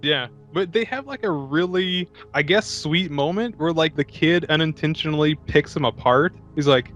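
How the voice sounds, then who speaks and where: A man's voice: on the high side, normal speed, hardly any pauses, a bit bright, soft background music. A man co-hosting a podcast, joking and swearing freely as he acts out scenes. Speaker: podcast co-host. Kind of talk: casual chat.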